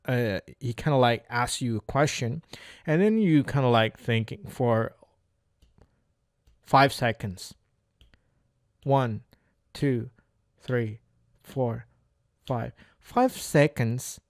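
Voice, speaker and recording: A man's voice: medium pitch, no echo, clean studio sound. A man whose first language is Indonesian, practicing spoken English in a casual monologue, hesitant, with frequent restarts and fillers. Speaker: English learner.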